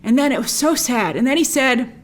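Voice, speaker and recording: A woman hosting a casual spoken film review, animated and emphatic, with frequent restarts. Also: high-pitched, a little fast. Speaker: movie review host.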